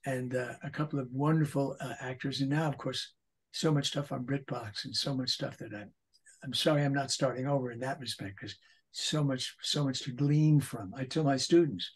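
A man in his eighties, a voice actor guest, telling animated anecdotes in a casual interview, with frequent restarts. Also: mid-range voice, normal speed, husky. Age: 80s.

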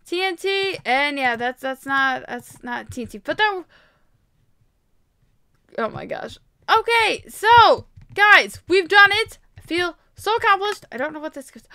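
A young woman playing a game and commentating, excitable and quick to gasp and shriek. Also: extremely high pitch, no room sound, clean studio sound. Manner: excitable, gasps and shrieks often. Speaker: gaming YouTuber. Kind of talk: Minecraft let's-play commentary.

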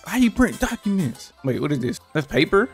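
A man's voice: fairly high pitch, sing-song, a little fast, husky. Guy playing a scary game, voice jumping all over, jumpy and scared, talks to chat, some music under it. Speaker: gaming YouTuber. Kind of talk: casual gameplay commentary.

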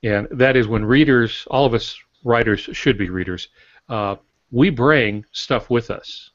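Man, low voice, casual explanations with fillers, dry, dull lo-fi audio. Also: unhurried, no room sound.

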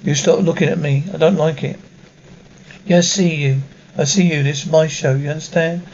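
A man's voice: a little high, steady tone, moderate pace, vocal fry, a little mellow. A man voicing a threatening, agitated gunman holding a hostage, in a muffled lo-fi recording.

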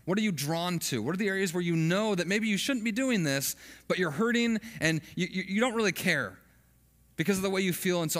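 Man preaching with a lively voice in a reverberant hall. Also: sits high, fairly quick. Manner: earnest, conversational preaching with frequent restarts. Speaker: pastor. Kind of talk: sermon.

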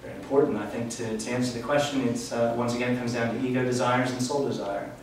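A man's voice: medium pitch, steady tone, fast. A man giving a live spiritual talk to an audience in an event room, speaking in an earnest, reflective teaching tone. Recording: echoey room, distant mic, faint hiss.

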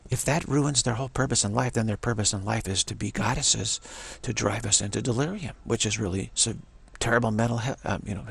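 Man, casual religious monologue, rambling, gravelly, husky. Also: mid-range voice. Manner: rambling, repeats words, many restarts. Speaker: religious commentator.

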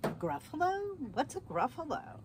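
A crafty male fox from a picture book, all sweet invitations with a hungry edge, played by a woman. His voice leaps high when he exclaims, with lively, bouncing pitch. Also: slow pace, background noise. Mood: coaxing. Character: hungry sly fox, male, smooth-talking.

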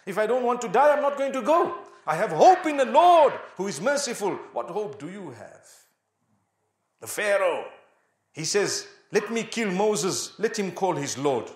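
High-voiced male preacher, rhetorical sermon delivery, reverberant space. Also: sing-song, measured pace. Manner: rhetorical questions, recites Arabic verses in a chant. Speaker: Islamic preacher.

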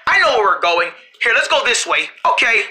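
A cartoon creator voicing every character in a family road-trip cartoon, with frequent shouting and screams. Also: medium pitch, fairly quick. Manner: shouting and screaming often, animated. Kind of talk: one-person cartoon dialogue.

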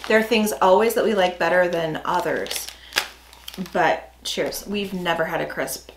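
A woman's voice: on the low side, unhurried. Woman vlog co-host, giggly chatter, echoey room with faint background noise. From United States. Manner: chatty, giggly, talks over her partner. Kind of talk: casual snack-tasting chat.

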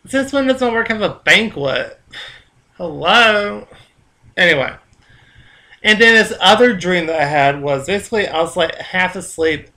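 A man talking casually on his own vlog, telling stories in a loose, chatty way with cursing and quiet asides. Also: fairly high pitch. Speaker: vlogger.

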